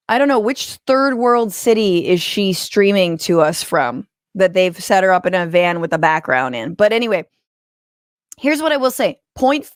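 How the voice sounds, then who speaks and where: A woman's voice: medium pitch, dry recording. Sarcastic woman comic, dry sound. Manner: sarcastic, mocking asides. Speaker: comedian and commentator. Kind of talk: televised debate.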